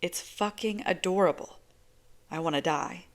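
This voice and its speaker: A woman narrates a novel in first person, her voice sitting on the low side and her pace slow and unhurried. The reading is measured and conversational, never rushed. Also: fairly even intonation, fairly bright tone. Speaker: audiobook reader.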